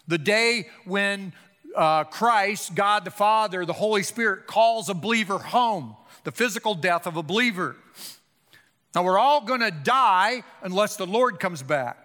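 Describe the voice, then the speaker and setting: An older man preaching a sermon, impassioned, swinging between loud emphatic calls and hushed low appeals. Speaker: pastor. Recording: long hall reverb.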